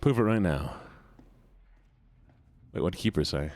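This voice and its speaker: A man streaming a game and chatting casually with viewers, animated and self-mocking, thinking aloud as he plays. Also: deep voice, measured pace. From United States. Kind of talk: casual gameplay chat with viewers.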